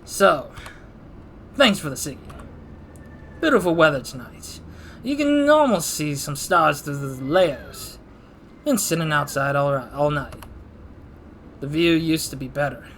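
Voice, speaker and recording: A man voicing a gruff old male harbor sailor with an odd, shifting put-on accent, grumbling about new rules. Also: high-pitched, big pitch swings, takes it slowly, pauses often, bright, forceful tone, a little hiss or hum, voice pushed up, full character voice.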